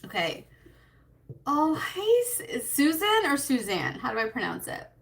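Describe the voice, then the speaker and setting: A woman's voice: high-pitched, wildly swooping pitch, unhurried, gravelly. A woman hosting a casual beauty live stream, chatty and a little scattered, greeting viewers by name and laughing nervously. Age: adult with a child. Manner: nervous, self-conscious laughter. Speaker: beauty livestream host.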